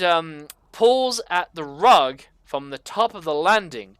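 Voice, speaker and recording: Bright, clean-voiced game master. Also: medium pitch, expressive, measured pace, few pauses, smooth, dry recording. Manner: loose, filler-heavy description. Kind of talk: narrating a tabletop game.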